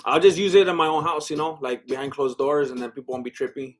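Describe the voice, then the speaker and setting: Young male streamer, high voice, loose excitable fight commentary with chat asides. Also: fast, soft background music. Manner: excitable, exclaims at big shots, chats with viewers. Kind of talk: casual live commentary and chat.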